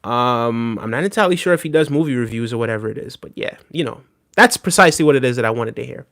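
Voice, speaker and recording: A man's voice: medium pitch, animated, fast, fairly bright tone. A man streaming live, reacting to a video and answering his chat in an emphatic, casual way, often tagging his points with "right?". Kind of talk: casual livestream reaction commentary.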